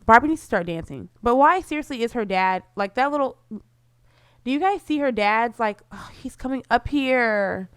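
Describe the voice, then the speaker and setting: A woman's voice: a little high, lively intonation, moderate pace, clear, resonant tone, no echo, clean studio sound. A woman giving casual, bubbly commentary over her life-simulation gameplay, full of "like" fillers. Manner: chatty, bubbly, lots of "like" fillers.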